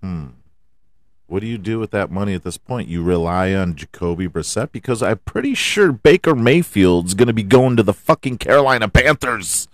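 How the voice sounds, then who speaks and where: A man's voice: lowish voice, expressive, moderate pace, dry recording. A man hosting a podcast, ranting about his football team in a heated, profane way and firing off rhetorical questions. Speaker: podcast host. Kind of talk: profane sports rant.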